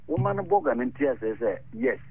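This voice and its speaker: A man calling in to a radio show, giving animated advice and switching between his local language and English. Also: mid-range voice, a little fast, vocal fry, slightly rough. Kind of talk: radio call-in talk. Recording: lo-fi radio broadcast.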